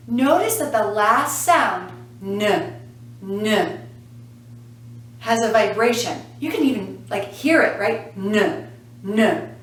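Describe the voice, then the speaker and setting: Slow, patient woman teaching pronunciation. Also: on the high side. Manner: slow, patient, repeats and models sounds. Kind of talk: classroom lesson to camera. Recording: echoey room, voice from a distance.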